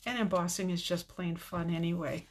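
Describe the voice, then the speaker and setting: An older woman hosting a casual live craft stream, chatting warmly with viewers, teary with a slightly stuffy nose. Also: fairly low pitch, steady tone, normal speed, a little hiss or hum. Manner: chatty and tearful, reading viewer comments. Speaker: card-making video host.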